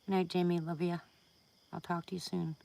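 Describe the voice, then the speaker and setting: A woman's voice: on the low side, level tone, a little fast, creaky, mellow. Chatty woman hosting a live chat. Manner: chatty, laughs often, greets viewers by name. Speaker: live stream host. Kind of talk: casual live chat with viewers.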